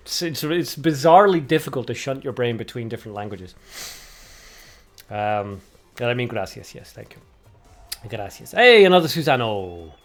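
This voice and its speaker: At a normal speed broken by long pauses, this man speaks in a medium-pitched, slightly mellow voice while streaming a card game tournament. He gives play-by-play commentary, jokes with viewers, and responds to chat. Soft music plays in the background.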